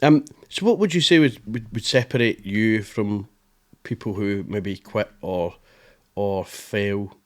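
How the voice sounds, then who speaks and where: A man's voice: on the low side, unhurried. A man hosting a podcast, asking questions and cheering his guest on with short affirmations. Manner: encouraging, frequent short affirmations. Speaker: podcast host. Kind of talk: casual interview.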